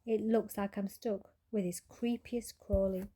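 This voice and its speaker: An itchy, exasperated tomcat, voiced by a woman reading aloud speaks in huffy, indignant bursts. His voice is soft and mellow underneath the fuss. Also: mid-range voice, steady tone, a little slow, husky. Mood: dismayed. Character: itchy, exasperated male house cat. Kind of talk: storybook character voice.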